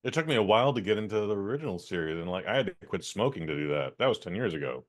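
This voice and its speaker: A man's voice: fairly low pitch, expressive, racing. Blunt, rambling male podcast co-host. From San Francisco. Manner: rambling, blunt, swears and laughs easily. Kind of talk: casual podcast chat.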